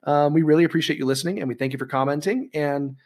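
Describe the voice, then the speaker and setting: A man's voice: fairly high pitch, fast, a little mellow. A man co-hosting a casual podcast, rambling and chatty with lots of ums and restarts. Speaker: podcast co-host.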